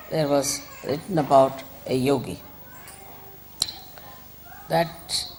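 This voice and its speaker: A woman giving an informal spiritual talk, conversational and digressive, gently admonishing her listeners. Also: sits low, slight background noise, poor audio. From India. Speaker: spiritual teacher.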